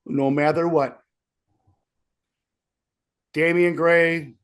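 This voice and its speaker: A man's voice: fairly high pitch, level tone, very slow. A young man, a wrestler with sore ribs, rambling and self-pitying in a casual interview. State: sore ribs, wincing in pain.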